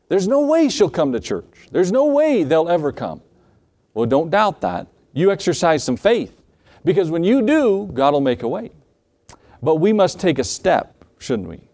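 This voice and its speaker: A man's voice: fairly high pitch, dark tone. A man preaching a sermon, telling a scripture story in a folksy way and acting out the characters' voices. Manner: folksy storytelling, acts out voices, asks the congregation questions. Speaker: pastor.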